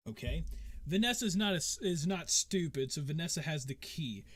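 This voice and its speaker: A man's voice: a little high, animated, normal speed, fairly bright tone, dry recording. Chatty male game master, dry sound. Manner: loose, with many "uh" and "um" fillers and restarts. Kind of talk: casual narration of a tabletop game.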